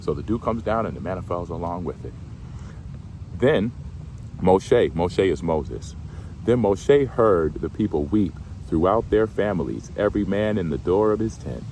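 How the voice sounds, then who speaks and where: A man reading bible verses slowly, then paraphrasing them in relaxed, slangy everyday speech. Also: deep voice, a little hiss or hum. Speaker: bible teacher. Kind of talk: scripture reading with casual commentary.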